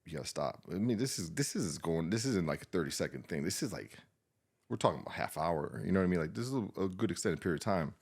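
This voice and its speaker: On a podcast, a male war veteran shares a painful memory as emotional personal storytelling, his extremely deep, gravelly voice slightly mellow yet lively in intonation. He comes across shaken and subdued, stumbling through restarts, saying "you know" to fill gaps, and swearing a lot.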